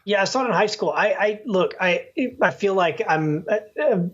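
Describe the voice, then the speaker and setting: A man co-hosting a movie podcast, agreeable and relaxed as he gives his take. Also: high-pitched, moderate pace. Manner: agreeable, short backchannels, relaxed. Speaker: podcast co-host. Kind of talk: casual movie review chat. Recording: dull lo-fi sound.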